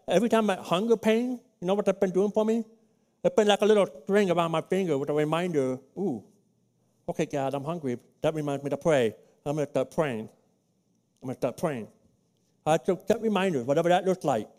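A man preaching a sermon as pastor of a church, teaching in a practical, conversational way and acting out his own prayers in a hushed voice. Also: sits high. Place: church sanctuary.

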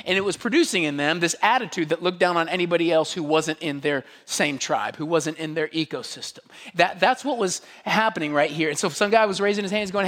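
A man preaching a sermon as pastor, animated and dramatizing his points with quick voiced asides. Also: fairly high pitch, in a large hall.

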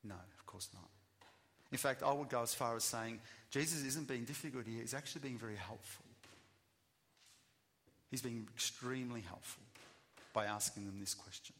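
A man giving a sermon, emphatic, swinging between loud bursts and quiet asides. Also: medium pitch, normal speed, long pauses. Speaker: preacher. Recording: long reverb of a hall.

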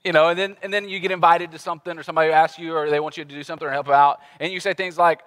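A man in his thirties preaching a conversational sermon as a pastor, animated and acting out everyday voices. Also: fairly high pitch, racing, few pauses. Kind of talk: casual sermon.

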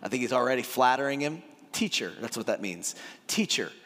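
Animated casual preacher, big hall echo. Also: male voice, medium pitch, fast talker. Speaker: pastor. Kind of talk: sermon. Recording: long hall reverb.

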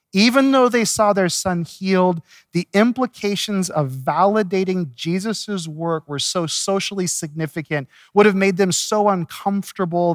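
A pastor preaching an expository sermon, telling the story in a lively way and chuckling at the text. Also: male voice, a little high, no room sound, studio quality.

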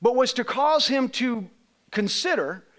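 A man with a high, bright voice tells a story from the pulpit in an easy, chatty way. He turns to people in the room to check the details. It sounds like a pastor at a casual sermon. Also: animated, unhurried. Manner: conversational storytelling, asks congregation members questions.

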